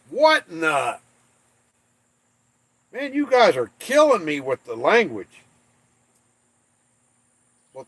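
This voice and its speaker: Casual livestream host, a man from the States, unhurried and playful, dry close sound. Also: on the high side, fairly bright tone, no echo. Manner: slow, drawn-out, playful trash talk. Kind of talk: casual livestream chat reading comments.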